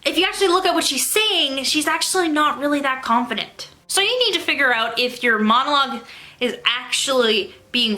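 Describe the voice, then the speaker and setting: A young woman with a high, bright voice talks to camera about auditioning. She is upbeat and emphatic, stressing each tip like a coach in a casual vlog. Her voice has a crisp, lively edge. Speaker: theatre YouTuber giving audition tips.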